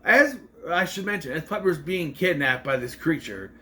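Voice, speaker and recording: Lively rambling man recapping a show. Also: a little high, moderate pace. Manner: rambling, self-correcting, acts out scenes while retelling. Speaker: TV episode reviewer. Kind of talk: casual recap and review.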